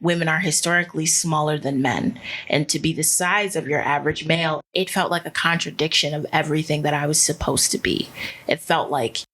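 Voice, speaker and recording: A woman's voice: deep voice, steady tone, brisk, fairly bright tone, a little hiss or hum. A woman in her twenties, a podcast co-host, telling candid personal stories in casual chat. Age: 20s. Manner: candid storytelling, reflective.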